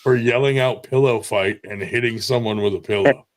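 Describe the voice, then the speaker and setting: A man's voice: mid-range voice, normal speed. Casting: man, casual storyteller, swears constantly, laughs through his own stories, loose and rambling.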